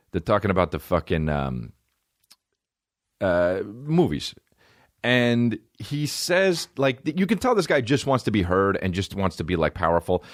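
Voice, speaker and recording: A man in his thirties hosting a podcast, telling a long comedic story with lots of swearing and acting out quoted people in different voices. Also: fairly low pitch. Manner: rambling, profane, acts out quoted people in shifting voices. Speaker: podcast host.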